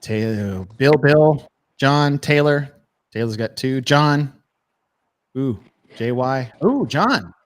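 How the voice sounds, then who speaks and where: Animated man hosting a casual chat. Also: medium pitch, takes it slowly. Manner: animated, laughing, swearing casually. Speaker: podcast host.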